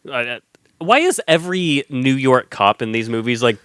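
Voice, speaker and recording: Podcast co-host, male, bright lively delivery, dry close mic, jokey. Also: medium pitch, normal speed, smooth, dry recording. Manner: jokey, breaks into silly impressions. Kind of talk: casual movie chat.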